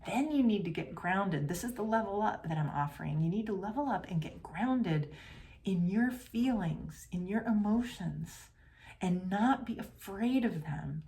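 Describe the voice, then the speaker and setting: A woman hosting a podcast, talking earnestly and casually about feelings, sometimes dropping into a soft whisper. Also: medium pitch. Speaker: podcast host and coach. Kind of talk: reflective podcast monologue. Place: home.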